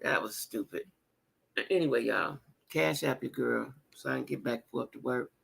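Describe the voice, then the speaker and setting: A woman hosting a casual livestream chat, talking to her viewers in a blunt, animated and profane way, with repeated exclamations. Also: very deep voice, normal speed, creaky, breathy edge. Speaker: livestream host reading viewer comments.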